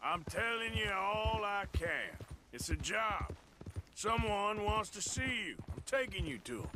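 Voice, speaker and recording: Arthur Morgan, a sardonic outlaw. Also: male voice, sits high, big pitch swings, a little slow. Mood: dry. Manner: dry, sardonic, blunt. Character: rugged adult male outlaw, dry and sardonic. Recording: game audio with clear background noise.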